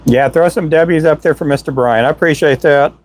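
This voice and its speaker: A talkative man hosts his own casual live stream on a desk-mounted Donner microphone, speaking a little fast in a voice pitched a touch high. He rambles cheerfully, calls himself a chatterbox, and tosses out shout-outs and jokes. Hours of talking have left his voice a little worn and tired.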